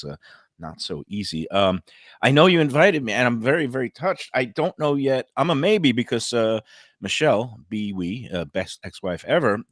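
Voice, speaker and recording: Low-voiced male talk show host. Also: no room sound, clean studio sound. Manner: chummy, lots of "uh" fillers. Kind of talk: casual chat.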